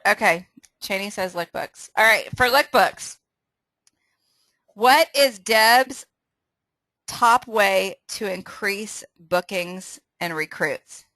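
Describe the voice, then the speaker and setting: A woman's voice: mid-range voice, slow pace, pauses often, bright, forceful tone, dry recording, rough recording. A woman hosting a casual sales training call, upbeat and laughing often, running a quiz and restarting her sentences.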